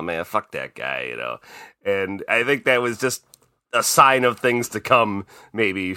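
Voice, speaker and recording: A man from Chicago, co-hosting a casual podcast and telling stories in a lively, profane way. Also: lowish voice, no echo, clean studio sound. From Chicago, USA. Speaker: podcast co-host.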